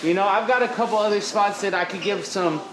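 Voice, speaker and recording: A rapper from Oregon, appearing as a guest, chats casually and animatedly in a lounge bar, using slang and laughing often. His voice sits high and he talks fairly quickly, with a crowd audible in the background.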